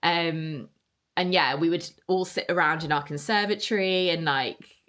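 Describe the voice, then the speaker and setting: A woman's voice: lowish voice, a little slow, fairly bright tone. Chatty woman podcaster, fond storytelling. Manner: chatty and nostalgic, many fillers and repeated words. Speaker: podcast host. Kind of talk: casual solo podcast storytelling.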